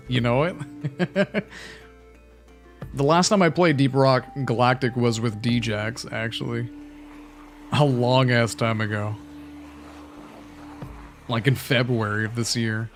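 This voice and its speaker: A man's voice: mid-range voice, steady tone, slow, pauses often, soft background music. A man livestreaming a game, chatting loosely and cursing as he plays. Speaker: gaming livestreamer. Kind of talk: casual chat over gameplay.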